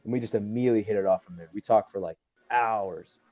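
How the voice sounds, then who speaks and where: A man's voice: lowish voice, fast talker, dry recording. A young man, a wrestler, telling a story in casual chat, rambling with lots of fillers and acting out what people said. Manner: rambling, many fillers, acts out quotes. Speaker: wrestler guest. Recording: dull lo-fi sound.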